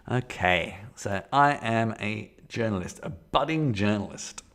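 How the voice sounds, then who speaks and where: A man's voice: on the low side, animated, slow pace, a bit bright. A man reading aloud and casually commenting on a solo tabletop horror game at his desk. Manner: casual, self-correcting asides. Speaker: solo game player and narrator. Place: home desk with camera.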